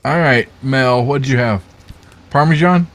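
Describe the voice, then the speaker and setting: A man's voice: mid-range voice, a bit bright. A man hosting a casual live podcast trivia game, joking and laughing as he goes. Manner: joking, laughing, drawn-out delivery. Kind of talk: casual live-stream banter.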